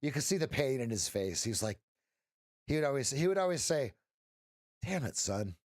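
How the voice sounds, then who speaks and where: Acting as coach on a relaxed live trading stream, a middle-aged man jokes and rambles, frequently starting over and adding "right?" tags. He speaks briskly in a sing-song, mid-range voice, recorded at studio quality with no room sound.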